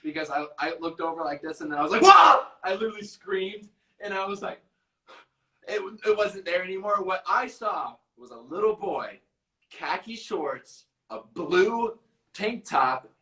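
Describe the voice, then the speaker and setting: A young man hosting a livestream who talks in animated, slangy bursts with sudden loud outbursts. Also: high voice, a little slow, echoey room, distant mic, rough recording. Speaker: livestream host. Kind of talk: casual group chat on a livestream.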